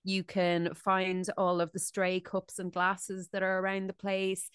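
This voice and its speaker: A woman's voice: mid-range voice, monotone, a little slow, a bit bright, clean tone, no room sound, studio quality. A woman co-hosting a podcast, chatting casually in a rambling way with lots of likes and ums. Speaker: podcast co-host.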